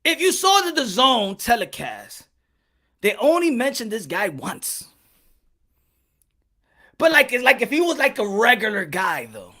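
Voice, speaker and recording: A man's voice: very high voice, big pitch swings, unhurried, long pauses, bright, forceful tone. A man hosting a boxing commentary channel, ranting his opinion and repeating his points, dragging words out for emphasis. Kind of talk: opinion rant to camera.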